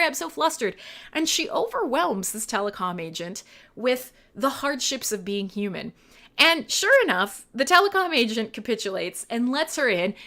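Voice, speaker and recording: A woman hosting a live online radio show, chatting casually and telling animated stories while reading viewer comments. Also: a little high. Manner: rambling, animated storytelling, reads chat aloud. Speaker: livestream radio host. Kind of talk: casual livestream chat.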